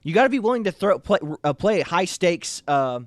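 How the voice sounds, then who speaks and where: Opinionated man, higher voice, rambling. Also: sing-song, normal speed, no echo, studio quality. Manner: opinionated, rambling, frequent restarts. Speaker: co-host. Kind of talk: casual political chat.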